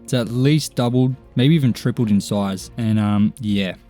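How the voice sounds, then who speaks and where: Young male gamer voice-over, relaxed mellow tone, easygoing self-mocking chatter over faint music. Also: mid-range voice, moderate pace. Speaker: gaming YouTuber. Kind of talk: casual gameplay commentary.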